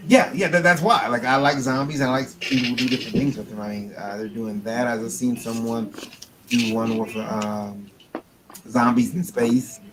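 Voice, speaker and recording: A man's voice: mid-range voice, fairly even intonation, normal speed. A man co-hosting a charity auction stream, casual and rambling with lots of fillers. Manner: rambling, laid-back, many fillers. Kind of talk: casual chat. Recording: noisy stream audio.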